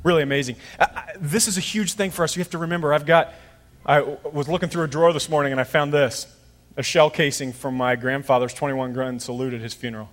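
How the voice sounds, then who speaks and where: A man's voice: on the high side, steady tone, quick pace, long reverb tail. A middle-aged man preaching a sermon as pastor, conversational and storytelling, acting out voices in his stories.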